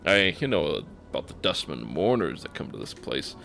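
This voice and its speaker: A man's voice: a bass voice, big pitch swings, normal speed, vocal fry, fairly bright tone, a little hiss or hum, pitched below the performer's own voice, heavily acted. A man voicing a weary, plain-spoken mourner of the dead who talks in a folksy, rueful way.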